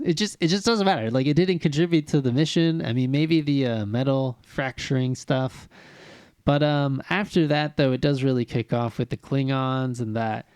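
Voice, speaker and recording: A man's voice: mid-range voice, normal speed, a little mellow, clean tone, dry recording. A man co-hosting a podcast in casual chat, easygoing, laughing often and rambling through his thoughts. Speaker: podcast co-host.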